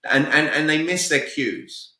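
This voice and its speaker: A man's voice: on the high side, sing-song, unhurried, sharp tone, distant mic. A man with a British accent, a guest communication coach giving direct, emphatic advice in a podcast interview, often checking in with "all right?". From Britain. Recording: roomy echo, voice a bit off-mic.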